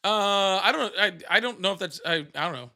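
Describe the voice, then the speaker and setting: A man's voice: high-pitched, animated, fairly quick, sharp tone. A man co-hosting a casual political livestream, joking and teasing callers with frequent laughs. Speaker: livestream co-host.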